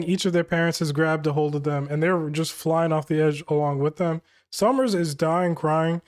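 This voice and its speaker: An excitable man reacts to a comic chapter in a loose, slangy way. He laughs often, and his voice sits fairly high. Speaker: manga reaction host. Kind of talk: casual reaction while reading a comic chapter aloud.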